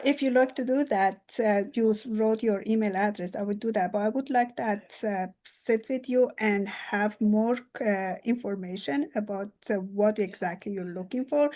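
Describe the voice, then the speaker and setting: A woman real estate agent practicing a sales pitch in a role play, halting and pausing often. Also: darkish tone. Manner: halting, with many "uh" pauses.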